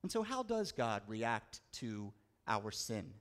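A man preaching a sermon, telling a story with dramatic slowdowns and rising emphasis. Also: mid-range voice, very animated. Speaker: pastor.

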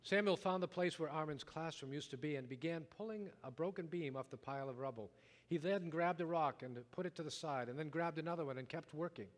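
A man preaching a sermon, telling a story dramatically, rising loud and dropping to a hush. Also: fairly high pitch, a little fast. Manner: dramatic storytelling, wide swings from loud to hushed. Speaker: pastor. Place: church sanctuary. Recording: long reverb of a large hall.

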